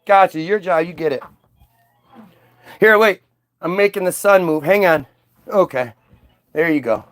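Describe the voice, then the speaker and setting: A man's voice: sits high, unhurried, long pauses, a bit bright, pitched below the performer's own voice. A man mimicking God as a casual, offhand figure handing out small favors. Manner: offhand, dismissive.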